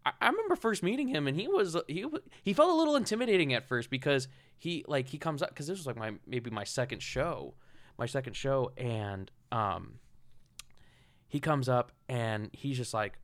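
A man who is a musician and stage manager, talking casually in a rambling, halting way with many restarts. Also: mid-range voice, expressive. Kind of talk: casual chat.

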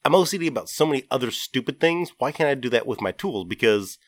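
Male podcast co-host, mid-pitched, rambling self-deprecating chat, dry close mic. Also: animated, fast, dry recording. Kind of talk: casual chat.

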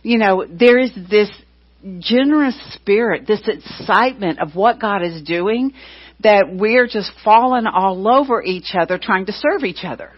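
A woman's voice: medium pitch, measured pace, breathy edge. A middle-aged woman who leads a church gives casual announcements, a chatty storyteller who fills her talk with "you know" and retold dialogue. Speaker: church leader. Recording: dull, muffled lo-fi recording.

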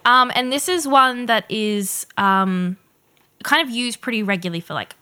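Bright, enthusiastic podcast woman. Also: on the high side, normal speed, smooth. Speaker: podcast co-host. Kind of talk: casual tasting chat.

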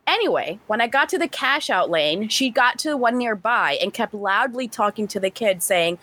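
Woman, podcast host, story reading, animated, bright tone, dry close sound. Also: fairly high pitch, normal speed, few pauses, no room sound. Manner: animated, swears casually, laughs often. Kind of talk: reading a story aloud and casual chat.

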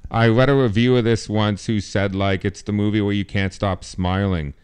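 Low-voiced man, blunt casual film talk. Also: fairly even intonation, normal speed, darkish tone, clean tone. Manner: blunt, profane, joking. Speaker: podcast co-host. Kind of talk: casual movie-review chat.

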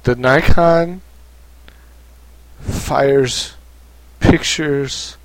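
A man's voice: medium pitch, very slow, no room sound, low-quality recording. A man co-hosting a podcast in casual, jokey banter with a friend. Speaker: podcast co-host. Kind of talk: casual chat.

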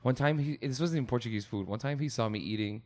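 Animated young man telling crude stories. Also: mid-range voice, fast. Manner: animated storyteller, swears a lot, acts out loud quoted voices. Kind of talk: casual chat.

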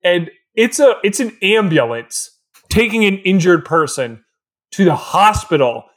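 A man's voice: sits high, very animated, measured pace, a bit bright. A man co-hosting a podcast, riffing with laughs and jokey impressions. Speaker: podcast co-host. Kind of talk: casual movie recap podcast.

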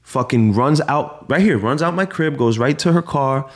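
A man's voice: mid-range voice, animated, moderate pace. A man, a DJ and radio host, rambling through a story in casual chat, full of slang and "bro".

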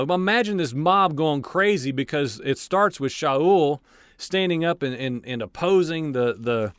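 A man's voice: medium pitch, dry recording. A man giving an informal Bible study, reading scripture aloud and commenting on it with asides and filler words. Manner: animated, frequent fillers and restarts. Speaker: Bible teacher. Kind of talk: conversational Bible study teaching.

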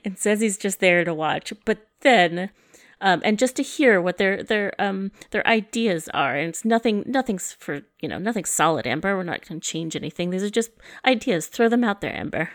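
A woman's voice: mid-range voice, expressive, normal speed, dry recording, studio quality. A woman co-hosting a casual podcast chat, rambling with many hesitations and playful teasing. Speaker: podcast co-host.

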